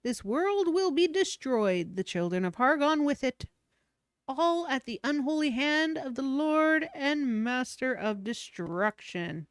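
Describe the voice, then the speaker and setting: A woman's voice: sits high, expressive, takes it slowly, no room sound, studio quality. A woman voicing a pompous cult priestess. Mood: solemn. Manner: pompous, theatrical proclamations. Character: fanatical female cult priestess, grandiose. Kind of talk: reading game dialogue aloud on stream.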